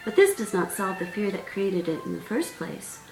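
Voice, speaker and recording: A woman's voice: medium pitch, very animated, moderate pace. A woman voicing a timid, earnest young princess who speaks politely. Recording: roomy sound, distant mic, faint music.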